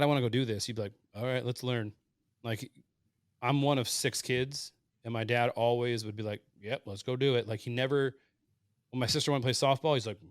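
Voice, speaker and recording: A man in his late thirties telling hunting stories casually on a podcast, animated and acting out the voices he quotes. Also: mid-range voice, no room sound, studio quality. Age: 30s. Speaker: podcast guest, hunter. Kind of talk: casual storytelling.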